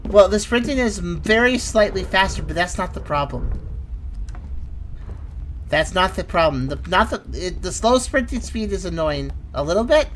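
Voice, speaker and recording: A woman's voice: lowish voice, animated, normal speed, a little hiss or hum. A woman giving casual let's-play commentary, exclaiming and thinking aloud as she plays. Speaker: gameplay commentator.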